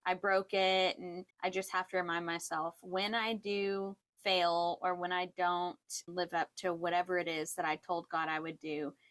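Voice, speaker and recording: A woman's voice: lowish voice, little pitch movement, moderate pace, few pauses, a bit bright. A woman in her thirties co-hosting a casual faith-based chat, earnest and reflective, often laughing. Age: 30s. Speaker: podcast co-host.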